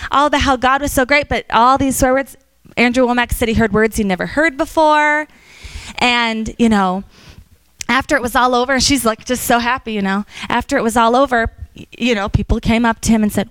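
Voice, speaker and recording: A woman giving an informal church teaching to a class, telling stories with lively quoted voices and frequent fillers. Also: a little high, normal speed, clean tone, no echo.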